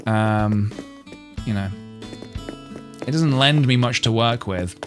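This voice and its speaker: A man's voice: lowish voice, slow pace, music in the background. Chatty English man musing aloud. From England. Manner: musing and chatty, trails off and restarts, laughs to himself. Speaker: live streamer. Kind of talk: casual live-stream chat, reading posts aloud.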